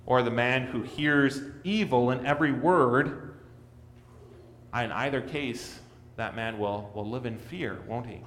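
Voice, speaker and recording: An earnest male pastor delivers a sermon, rising in volume for emphasis and falling to a quiet hush. His voice sits at a middle pitch. The sound carries the long reverb of a church sanctuary. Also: a little slow.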